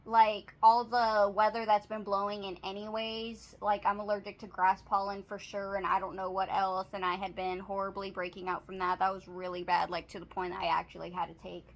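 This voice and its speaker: A young woman with a Texan accent talks casually to her camera at home, rambling through a shopping haul and a funny story. Her voice sits at an ordinary middle pitch, and her talk is loose and chatty, full of "like" and "you know.". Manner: chatty, storytelling, says "like" often. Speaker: vlogger. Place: apartment, indoors.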